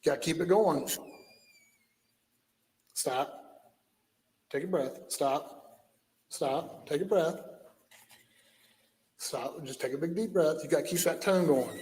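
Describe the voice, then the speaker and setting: A stern police officer barks commands at a detainee, his voice high for a man. It was caught on body camera audio in an echoey room, with a long reverb tail and a faint hiss behind it. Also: slow, pauses often, a little mellow.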